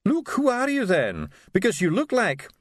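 Man playing fussy doctor, high flustered voice, dry close sound, audiobook. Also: wildly swooping pitch, moderate pace, no room sound, heavily acted. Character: fussy startled male doctor.

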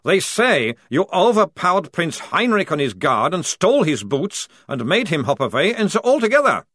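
A man voicing a relaxed, cocky enemy sergeant who talks in a sarcastic, mocking drawl. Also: a little high, moderate pace, breathy edge, no echo, clean studio sound, voice pushed up, exaggerated voice.

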